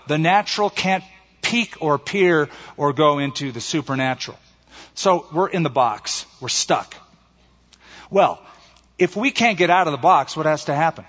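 A male pastor preaching a sermon with emphatic delivery, slowing down to stress key phrases. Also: fairly high pitch, a bit bright. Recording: muffled recording in a reverberant hall.

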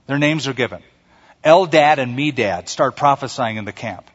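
A pastor preaches a sermon in a mid-range, slightly rough voice at normal speed. He animatedly acts out quoted voices and has the congregation repeat lines back, calling for their response. The recording sounds dull, with a long hall reverb.

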